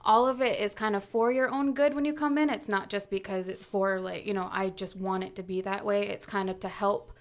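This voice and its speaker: A woman's voice: mid-range voice, steady tone, fairly quick, hardly any pauses. A woman tattoo artist talking casually as a podcast guest, with lots of "like" and "um" fillers. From Canada/US Mohawk territory. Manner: laughs often, many "like" and "um" fillers. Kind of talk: casual chat.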